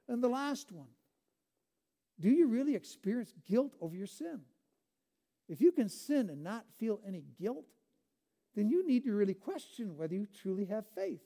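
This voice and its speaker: A man's voice: high-pitched, warm tone. A male pastor preaching a sermon, pleading earnestly with his congregation and closing in prayer.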